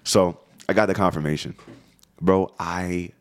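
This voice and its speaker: A young man co-hosting a podcast, telling a high school story in a casual, profane, animated way. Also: a little slow. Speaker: podcast co-host.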